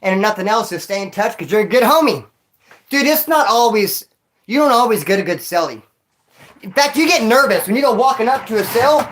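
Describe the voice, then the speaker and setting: A man's voice: high voice, animated, fairly quick, fairly bright tone, slight background noise. Slangy man telling prison stories. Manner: slangy, storytelling, addresses a viewer directly. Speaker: former prisoner streamer reading chat. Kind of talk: casual livestream chat and storytelling.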